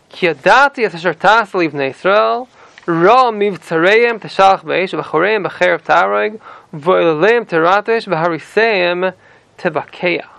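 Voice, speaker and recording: A man's voice: high-pitched, vocal fry, a bit bright, no echo, rough recording. A man teaching a scripture passage, reading verses in Ashkenazi-accented Hebrew and then retelling them in plain English. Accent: Ashkenazi Hebrew pronunciation. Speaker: Torah teacher. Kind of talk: explaining a scripture text to a student.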